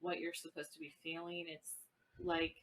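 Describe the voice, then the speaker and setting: A woman's voice: low-pitched, flat delivery, moderate pace, a bit bright, a little hiss or hum, low-quality recording. A woman in her forties co-hosting a podcast, casually talking through a film review and thinking aloud. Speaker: podcast co-host. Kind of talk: casual movie review chat.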